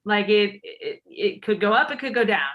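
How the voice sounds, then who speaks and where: A woman's voice: medium pitch, animated, moderate pace, muffled recording. A woman co-hosting a podcast in casual banter, playful and teasing, happy to mock herself. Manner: playful, teasing, self-mocking. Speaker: podcast co-host.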